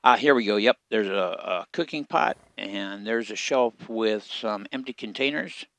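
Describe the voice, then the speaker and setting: A man giving relaxed, casual commentary as he plays a survival game, talking half to himself. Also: on the low side, measured pace, gravelly. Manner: relaxed, muttering to himself while playing. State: hiccups. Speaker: game streamer.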